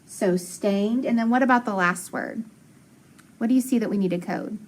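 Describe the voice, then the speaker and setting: Encouraging woman teaching phonics. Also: mid-range voice. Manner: encouraging, slow sounding-out of words. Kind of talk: phonics lesson.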